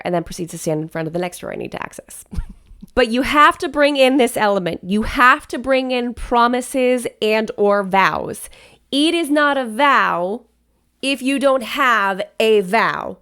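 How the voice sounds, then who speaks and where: A woman's voice: mid-range voice, fairly bright tone, clean tone. A woman wedding planner giving advice in a casual vlog, chatty and direct, often checking in with "okay?".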